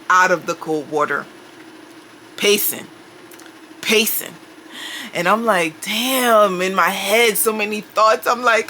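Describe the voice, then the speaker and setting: A woman telling a personal story in a casual, animated way, acting out her own panicked lines. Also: medium pitch, a little hiss or hum.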